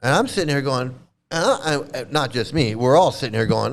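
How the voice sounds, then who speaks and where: A man's voice: medium pitch, animated, fairly quick, creaky. A man hosting a casual reaction commentary, blunt and mocking, who swears freely and repeats his points. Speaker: channel host commenting on a livestream.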